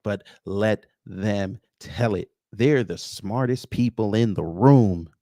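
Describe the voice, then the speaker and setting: His voice runs on the low side and is mellow, and he takes things slowly. As a livestream host, he reads viewers' names and greets them with sarcastic, mocking commentary, recorded in studio quality without any room sound.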